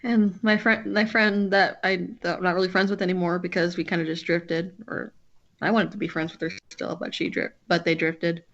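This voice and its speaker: A woman's voice: on the low side, little pitch movement, moderate pace, highs cut off. A woman streamer chatting casually with a friend while drawing, rambling and often breaking off to restart her sentences.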